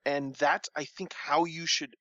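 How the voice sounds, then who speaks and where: A man's voice: on the high side, fairly even intonation, measured pace, bright, forceful tone, no room sound, dull audio. A man co-hosting a casual podcast chat, laid-back and tired-sounding, with lots of fillers. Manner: laid-back, tired late-night talk with frequent fillers. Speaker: podcast co-host.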